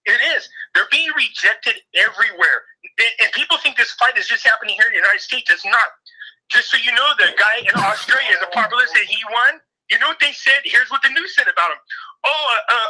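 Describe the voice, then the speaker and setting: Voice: medium pitch, pushed and bright, rough recording. An older co-host in casual political chat, opinionated and mocking the people being quoted.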